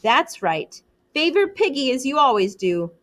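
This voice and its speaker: A woman's voice: high voice, big pitch swings, a little slow, a bit bright, voice pushed up, heavily acted. Jack, a woman playing a sneering boy hunter. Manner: sneering, scornful.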